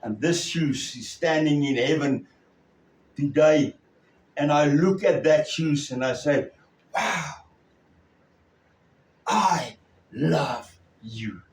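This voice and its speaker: A male preacher tells his sermon as a story, slowly and haltingly, with long pauses between phrases. His voice sits fairly high for a man. He is recorded from a distance in a strongly echoing room. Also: darkish tone. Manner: slow, halting delivery with many pauses. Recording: echoey room, far from the mic.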